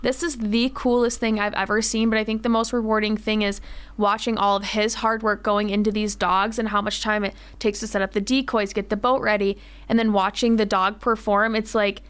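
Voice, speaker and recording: A woman's voice: medium pitch, level tone, fairly quick, a bit bright, clean tone. A woman guest on a studio podcast, talking with enthusiasm. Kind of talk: casual chat.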